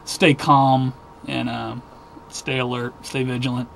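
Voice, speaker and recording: A man's voice: mid-range voice, little pitch movement, slow pace, creaky, a little hiss or hum. A man hosting a casual weekly news video, rambling and restarting as he rants about the stories. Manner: rambling, restarts, easily worked up.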